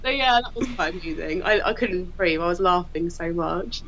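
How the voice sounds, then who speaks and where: A woman, a crime scene investigator telling lively anecdotes and acting out what people said, often laughing. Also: fairly low pitch, moderate pace, muffled recording, heavy background noise. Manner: lively, laughing storyteller who acts out quotes.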